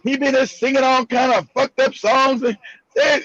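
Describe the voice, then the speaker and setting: Man as live-stream host, very high voice, loud and joking, muffled lo-fi sound. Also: fairly even intonation, normal speed, dry recording. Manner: loud, joking, profane banter. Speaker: host of a live online talk show. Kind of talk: casual chat.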